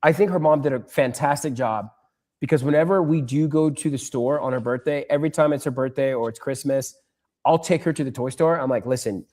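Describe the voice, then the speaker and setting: A man's voice: medium pitch, a little fast, a little mellow. A young adult man on a podcast, telling anecdotes about his daughter and acting out her lines. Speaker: podcast co-host. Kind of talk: casual chat.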